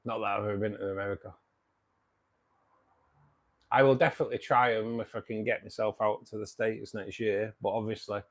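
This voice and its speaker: Gravelly, low-voiced British man. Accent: British English. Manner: chatty and matey, swears casually, chuckles often. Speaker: live-stream host reading viewer comments. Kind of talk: casual live-stream chat.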